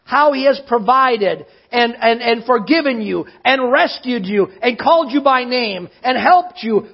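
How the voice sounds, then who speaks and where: A pastor preaching a sermon, emphatic, often slowing down to stress his words. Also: very high voice, lo-fi sound.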